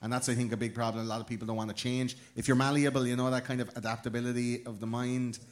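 A man's voice: medium pitch, flat delivery, fast. Laughing man, bantering. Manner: joking, laughs often. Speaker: podcast host. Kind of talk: casual chat.

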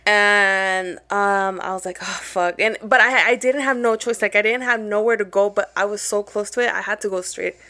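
A woman's voice: mid-range voice, fairly even intonation, normal speed, few pauses, pushed and bright. A young woman co-hosting a podcast, telling a story in casual chat with lots of swearing and Spanish phrases mixed in. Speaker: podcast co-host.

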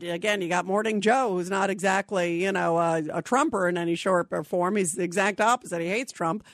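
A woman hosting a call-in radio talk show, talking in an animated, indignant way with many quick restarts. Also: mid-range voice, no echo, clean studio sound.

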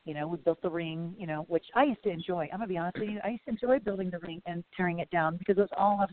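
A woman guest in a casual interview, telling stories in a rambling, animated way. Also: fairly low pitch, racing. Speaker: podcast guest. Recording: phone-like line with faint hiss.

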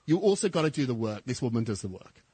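A middle-aged English man, a gossip columnist, chatting as a guest on a radio talk show in an animated, camp, gushing way. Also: medium pitch, fast, breathy edge, no room sound.

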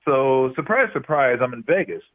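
A man's voice: mid-range voice, normal speed. Man telling stories over a tinny line. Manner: animated, laughing anecdotes. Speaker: guest, former basketball player. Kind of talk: casual storytelling interview.

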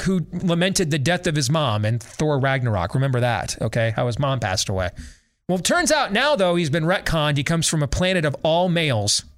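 A man's voice: fairly high pitch, fairly bright tone. A middle-aged man hosting a talk show, ranting sarcastically in a casual monologue and mimicking voices. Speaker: radio talk show host.

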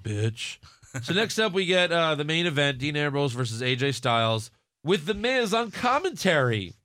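A man with a bright, fairly high voice recaps the action in casual chat. His pitch moves a lot as he jokes and mocks what he saw, in a sarcastic, animated way. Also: normal speed. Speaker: podcast host recapping wrestling.

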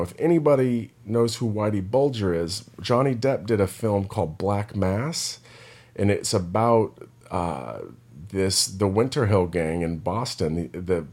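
Rambling reflective man, low voice. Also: a little mellow. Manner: rambling, with many restarts and repeated words; reflective storytelling. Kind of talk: casual spoken monologue.

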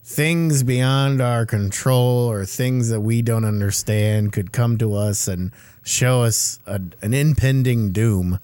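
A man's voice: medium pitch, slow, mellow. A man co-hosting a podcast in casual chat. He muses aloud in long, rambling sentences. His voice sounds dry and close, with no room echo. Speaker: podcast co-host.

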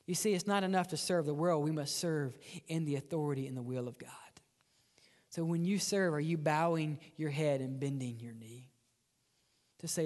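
A man's voice: on the high side, moderate pace, darkish tone, in a large hall. A man preaching a sermon as pastor, dramatic and often dropping to a whisper for emphasis. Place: church sanctuary.

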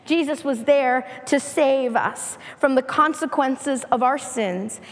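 A high-pitched woman delivers a sermon at an unhurried pace, leaning on each repeated phrase. Her voice rings out with a long reverb, as if in a large hall. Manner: slow, emphatic preaching with repetition. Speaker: preacher.

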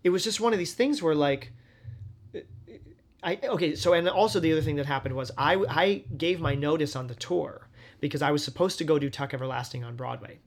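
A man's voice: a little high, fairly quick. A man in his thirties, a stage actor as interview guest, chatting casually and animatedly, full of "like" and acted-out quotes. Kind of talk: casual conversational storytelling.

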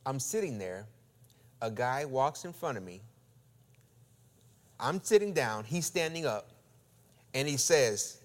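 Animated storytelling preacher man. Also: mid-range voice, normal speed, pauses often. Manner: animated, acts out dialogue, swings loud and quiet. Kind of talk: storytelling sermon.

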